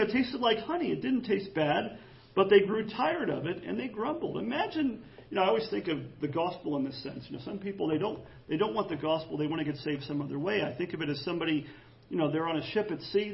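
High gravelly-voiced preaching man. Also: brisk, lo-fi sound. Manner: animated, jokey, acts out quoted voices. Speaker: pastor. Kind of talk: sermon. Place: church.

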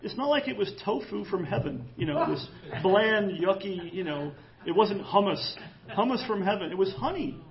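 A man preaching an animated, jokey sermon in church, acting out quoted voices. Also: high voice, moderate pace, muffled recording. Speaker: pastor.

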